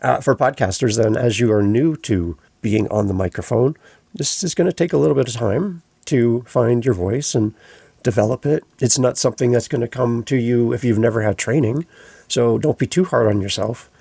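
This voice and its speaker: A man's voice: medium pitch, normal speed, creaky, slightly rough, dry recording. A man hosting a casual podcast conversation, telling stories and acting out the voices of the people he quotes. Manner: lively storyteller who acts out quoted voices. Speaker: podcast host.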